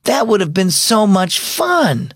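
A man's voice: high-pitched, big pitch swings, a little slow, creaky, slightly rough, no room sound, clean studio sound, pitched above the performer's own voice, heavily acted. A man putting on a sweet young girl. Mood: earnest. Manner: raised, childlike delivery.

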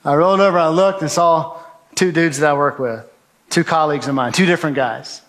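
A man's voice: on the high side, brisk. Man telling a vivid survival story. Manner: earnest storytelling, acts out his own shouts. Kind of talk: testimony talk to an audience.

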